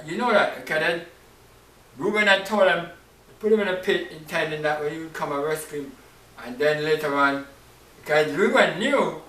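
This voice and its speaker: A male preacher telling a Bible story in an expressive sermon, acting out the characters' emotions. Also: a little high. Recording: roomy, distant mic, faint hiss.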